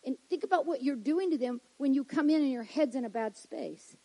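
A woman preaching with a high, mellow voice. She swings from soft, low asides to loud, emphatic declarations, reading scripture aloud. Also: fairly quick, poor audio. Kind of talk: sermon.

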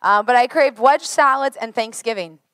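A woman's voice: on the high side, normal speed, no echo. Chatty woman preacher, a bit worn. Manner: chatty, joking, lively asides. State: worn, slightly hoarse voice. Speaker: pastor. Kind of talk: sermon.

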